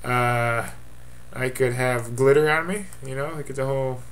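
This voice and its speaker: A man's voice: medium pitch, steady tone, normal speed, fairly bright tone. A man giving a casual webcam update as commissioner of his fantasy football league, offhand and rambling with jokey asides.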